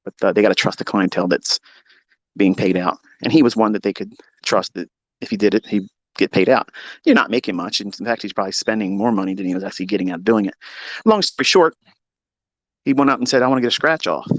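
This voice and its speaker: A man telling a crude, mocking story to an online audience, jumping up in pitch for emphasis. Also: quick pace, no echo. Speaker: speaker in a live audio chat room.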